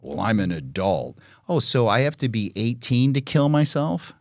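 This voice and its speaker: A man's voice: mid-range voice, normal speed, no room sound, clean studio sound. A middle-aged man, the show's host, talking bluntly and with profanity in casual podcast chat, acting out parent and child voices as he tells stories. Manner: blunt, profane, animated storytelling.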